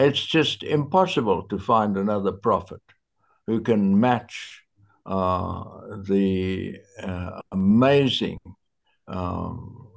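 A man teaching a Bible study in conversation, slow and searching for his words with many fillers. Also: deep voice, gravelly.

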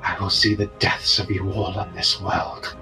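A man's voice: sits low, flat delivery, moderate pace, gravelly, over music. A man voicing an arrogant, immortal female sorceress who taunts her foes. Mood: defiant.

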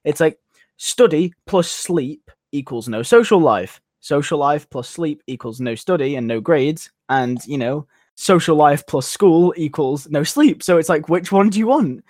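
A young man with a British accent, chatting on a podcast in a jokey, animated way that is often broken up by laughter. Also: on the high side, measured pace, no room sound, studio quality. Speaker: podcast co-host. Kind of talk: casual chat.

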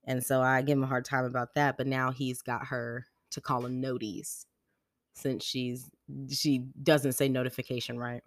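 A woman's voice: rumbling low, flat delivery, normal speed, dry recording, studio quality. A young woman hosting a podcast, telling stories about her daughter in a slangy, rambling way with lots of "like". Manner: chatty storytelling, slangy, lots of "like". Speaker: podcast host. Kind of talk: casual chat.

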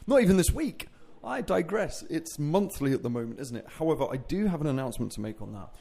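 Fast-talking and animated, this man has a slightly high voice that is gravelly, mellow and husky. He's a fitness coach hosting his own solo podcast, chatting casually and rambling along with self-mocking jokes.

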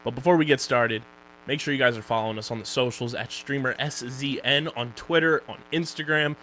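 A young man co-hosts a casual podcast, his voice sitting at an ordinary mid pitch. He jokes loosely and reels off plugs and sponsor reads. A faint hum runs under the recording. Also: fairly quick, fairly bright tone. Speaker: podcast co-host.

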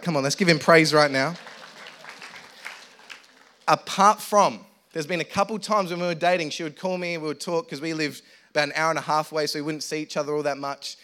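A man's voice: fairly high pitch, a bit bright. A young man preaching a sermon, telling a funny story in a playful, self-mocking, chatty way with the congregation.

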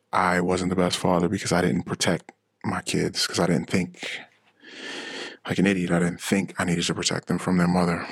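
A middle-aged man hosting a podcast, telling a painful personal story in a halting, emotional way, with many restarts and fillers. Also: low voice, vocal fry, a bit bright, husky, dry recording, clean studio sound. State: emotionally shaken. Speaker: podcast host. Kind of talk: personal confessional monologue.

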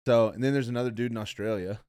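A man's voice: medium pitch, steady tone, racing, darkish tone, clean tone, no echo, studio quality. A young man hosting a podcast in casual chat, rambling and profane, calling people "bro" and "dude.". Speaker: podcast host.

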